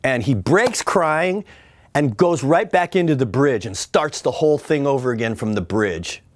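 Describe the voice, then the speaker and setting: Animated storytelling man, lively pitch. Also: normal speed, no room sound, studio quality. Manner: animated, mimics music with sound effects. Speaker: record producer and guitarist. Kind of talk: storytelling anecdote.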